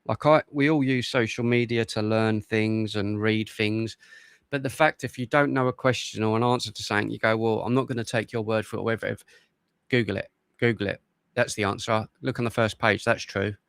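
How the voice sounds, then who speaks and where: Male streamer, blunt and scornful commentary, gravelly voice, dry sound. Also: lowish voice, fairly even intonation, brisk, fairly bright tone, dry recording. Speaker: livestream host. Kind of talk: casual reaction commentary.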